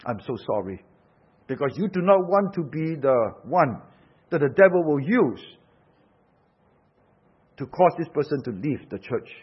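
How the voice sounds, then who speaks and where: A man delivers a sermon, pressing his points with rhetorical questions and bursts of force. His voice sits slightly high and husky. The recording sounds dull and lo-fi. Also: sing-song, measured pace, long pauses. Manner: emphatic, rhetorical questions, rising and falling force. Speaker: pastor.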